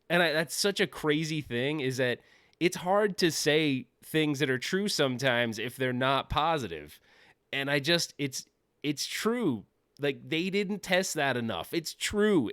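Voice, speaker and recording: A man's voice: a little high, fairly bright tone, no room sound, studio quality. A man hosting a casual livestream from his home office, rambling and joking, often laughing at himself. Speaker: livestream host.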